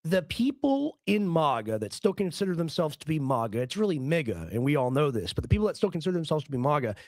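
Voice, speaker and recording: A hoarse man hosting a live political stream, ranting in a rambling, heated way and often repeating his words. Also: a little high, dry recording. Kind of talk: casual ranting commentary stream.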